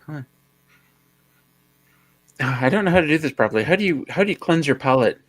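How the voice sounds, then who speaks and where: A man co-hosting a casual livestream, joking and telling stories in a lively way. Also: fairly high pitch, a little fast, a little hiss or hum. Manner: joking, storytelling, animated. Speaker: livestream co-host.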